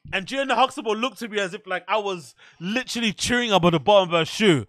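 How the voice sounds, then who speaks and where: A man hosting a podcast, telling stories in a casual, profane, animated way and laughing often. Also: high voice, quick pace, dry recording, clean studio sound. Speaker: podcast host. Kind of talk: casual storytelling monologue.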